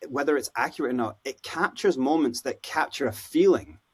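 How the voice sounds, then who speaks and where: A Scottish man, a podcast guest, telling stories in a casual, animated way and acting out the voices of people he quotes. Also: mid-range voice, fairly quick, husky. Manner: animated, acts out quoted voices, lots of "you know, like". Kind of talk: casual storytelling interview.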